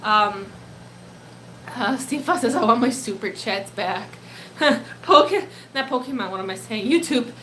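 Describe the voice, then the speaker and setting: A woman's voice: high voice, a little slow, bright, forceful tone, a little hiss or hum, rough recording. A young woman who grew up speaking Polish, chatting casually on a live stream and reading out viewer comments. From Poland. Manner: chatty, giggly, breaks into baby talk with her pet. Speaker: pet-keeping live streamer.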